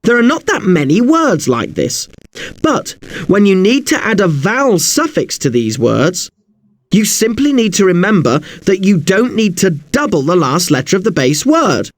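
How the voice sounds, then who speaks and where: A man teaching an English spelling lesson, spelling words out slowly letter by letter. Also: high voice, sing-song, no echo.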